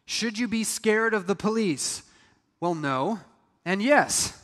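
His voice is high-pitched, expressive, slow, and fairly bright as he preaches a sermon in a conversational manner. This pastor acts out quoted lines for the congregation, and the clip has the echo of a reverberant hall.

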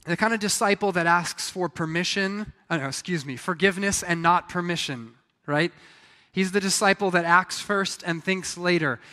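Bright-voiced preaching man in a hall. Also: high voice, moderate pace. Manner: animated storytelling, acting out quoted voices. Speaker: pastor. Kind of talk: sermon.

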